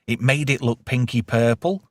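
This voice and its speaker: A man's voice: medium pitch, moderate pace, no room sound. Sweary man hosting a live chat. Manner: swearing, laughs loudly, reads chat comments. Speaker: podcast host. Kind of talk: casual live-stream chat.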